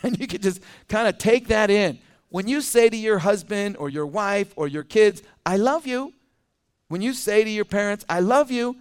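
Guy with a fairly high voice preaching in church, chatty, laughs a lot, acts out little bits. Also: clear, resonant tone. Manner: conversational, chuckles often, acts out little scenes. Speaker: pastor. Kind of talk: sermon.

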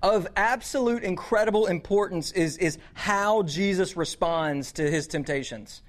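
A man's voice: high voice, unhurried. A man preaching a conversational, earnest sermon to teenagers. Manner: conversational, earnest, repeats words. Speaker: youth pastor.

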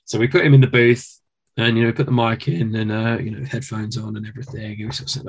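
A British man telling stories as an interview guest, rambling and animated, with many fillers and restarts. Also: on the low side, quick pace, gravelly, slightly rough. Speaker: guest musician. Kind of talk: casual interview.

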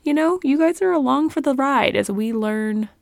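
Chatty woman podcast co-host with a gravelly edge. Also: sits high, moderate pace, no room sound, clean studio sound. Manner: chatty, animated, laughs often. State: hiccups. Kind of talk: casual chat. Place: small closet.

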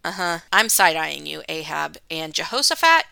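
A woman's voice: medium pitch, animated, moderate pace, bright, forceful tone, clean tone, no room sound. A woman hosting a podcast, retelling a Bible story in a casual, playful way with slangy asides. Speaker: podcast host.

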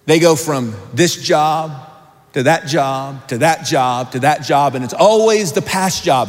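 A man's voice: a little high, unhurried. A man preaching a sermon, reading scripture aloud and then driving his points home with rising emphasis. He slips in light joking asides between passages. His voice carries a long reverb from the hall around him. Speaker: pastor. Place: church hall.

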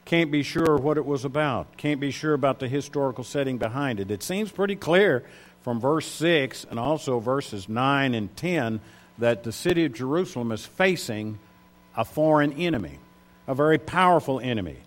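A man's voice: mid-range voice, expressive, moderate pace. A man preaching a sermon, reading Bible verses aloud and stressing key words with rising emphasis.

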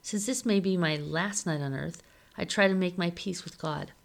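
Woman, audiobook-style novel reader, low voice, measured delivery. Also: vocal fry. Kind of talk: reading a novel aloud.

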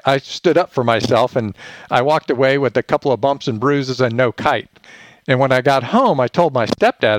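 Male guest, lively anecdote teller, mid-pitched, dry recording. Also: no echo. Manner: animated, acts out quoted voices. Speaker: podcast guest, leadership author. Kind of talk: casual storytelling.

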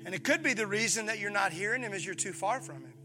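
A pastor from preaching a sermon, animated, acting out voices and calling on his listeners. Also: sits high, fast, faint music behind. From Mississippi, USA. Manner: animated, acts out voices, calls on the congregation.

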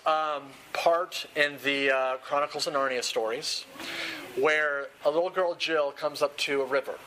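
Man, sermon, bright tense voice, earnest and emphatic, faint room noise. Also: on the high side, rough recording. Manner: earnest, emphatic, with dramatic slowdowns. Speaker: preacher.

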